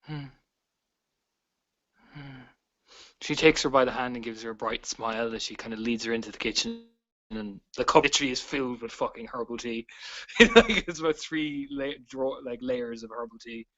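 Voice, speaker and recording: A man's voice: medium pitch, expressive, moderate pace, fairly bright tone, dull audio. A man casually narrating and voicing his character in a tabletop game, with hedges and small laughs. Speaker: player.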